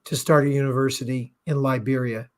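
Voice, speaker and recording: A man hosting an interview, asking slow, halting questions and giving short affirmations. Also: medium pitch, level tone. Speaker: host.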